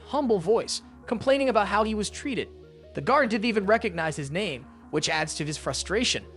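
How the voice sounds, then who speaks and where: A man reading a scripted voice-over narration in an even, summarizing manner. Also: high voice. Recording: narration over clear music.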